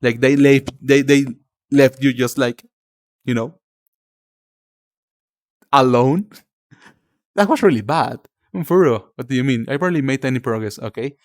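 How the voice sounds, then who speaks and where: A man's voice: medium pitch, unhurried, pauses often, no echo. Young mexican guy streaming, spanish accent, rambles a lot with likes and ums, super dry close sound. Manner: rambling, many fillers, calls viewers darling. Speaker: livestreamer. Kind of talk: casual chat with viewers.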